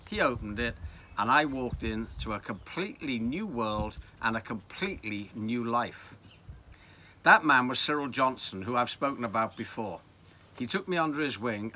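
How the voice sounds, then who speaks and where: A man in his seventies with a Liverpool accent, telling reminiscences in a wry, animated way. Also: medium pitch, slight background noise. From Liverpool, England. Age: 70s. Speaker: storyteller. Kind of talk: reminiscing narration.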